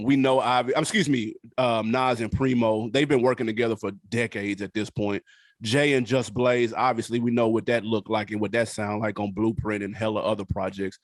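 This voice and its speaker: A man co-hosts a casual hip-hop podcast in a laid-back, candid way, with frequent fillers. His voice sits at an ordinary middle pitch. The sound is dry and close. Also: no room sound. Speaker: podcast co-host.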